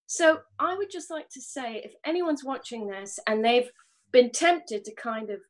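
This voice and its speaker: Brief: earnest woman panelist, slightly high voice, rambles passionately in loose live chat. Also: lively intonation, a little slow, low-quality recording. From grew up on film sets. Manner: rambling, earnest, swears and laughs it off. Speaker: panelist in a live online discussion. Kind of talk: passionate casual talk.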